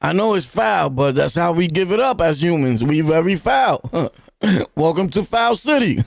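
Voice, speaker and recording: A man with a New York accent reacts to a clip in slow, drawn-out speech and a gravelly fry, tossing out street-slang jokes and laughing between lines. His voice sits a touch high, and the sound is dry and close. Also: lively intonation, dry recording. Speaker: podcast host reacting to a video. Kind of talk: casual reaction commentary.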